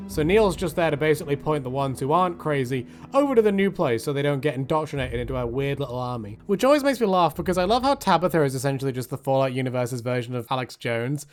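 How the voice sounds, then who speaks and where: A man's voice: mid-range voice, animated, fast, hardly any pauses, soft background music. A man giving casual, joking game commentary, chatty and swearing freely as he acts out the characters. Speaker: gaming video host.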